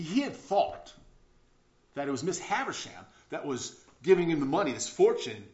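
A man preaching a sermon in an earnest way, often repeating words and restarting, swinging between loud and hushed. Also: a little high. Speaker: pastor. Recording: roomy, slightly dull sound.

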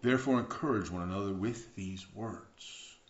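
A man's voice: lowish voice, moderate pace, a little hiss or hum. Earnest preacher man in an echoey room. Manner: earnest, with sudden swings between hushed and emphatic; repeats words for emphasis. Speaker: pastor. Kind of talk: sermon. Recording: echoey room, dull lo-fi sound.

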